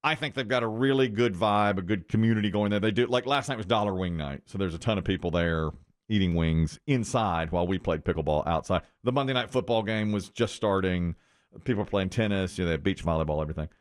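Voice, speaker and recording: A man hosting a radio morning show, telling a self-mocking story in a casual, animated way. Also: deep voice, fast, dry recording, studio quality. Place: radio studio.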